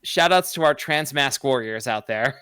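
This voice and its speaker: A woman's voice: extremely low pitch, animated, fairly bright tone, clear, resonant tone, no room sound. A woman chatting on a live stream, arguing playfully with her friend. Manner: playfully argumentative, drawn-out delivery. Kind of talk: casual chat on a live stream.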